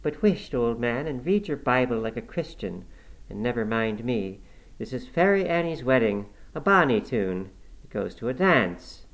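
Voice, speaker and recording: A man voicing a brisk, motherly middle-aged housekeeper who fusses over her guest. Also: medium pitch, animated, natural voice, poor audio. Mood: bustling. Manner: brisk, fussing, hospitable. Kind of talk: audiobook character voice.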